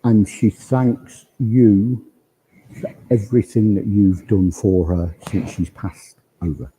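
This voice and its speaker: A man's voice: lowish voice, steady tone, takes it slowly, warm tone, breathy edge, low-quality recording. A man working as a spiritualist medium, relaying spirit messages to the congregation in quoted speech during a service. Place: village hall.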